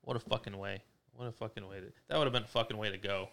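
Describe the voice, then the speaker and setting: A man's voice: on the low side, fairly even intonation, quick pace, vocal fry, fairly bright tone. A young man co-hosting a podcast, telling a driving story in casual, profane chat. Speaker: podcast co-host.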